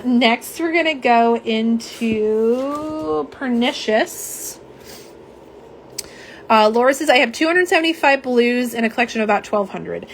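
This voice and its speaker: Her voice is fairly high as she hosts a nail polish unboxing livestream, chatting easily, swatching, and reading viewer comments out loud. Slight background noise can be heard.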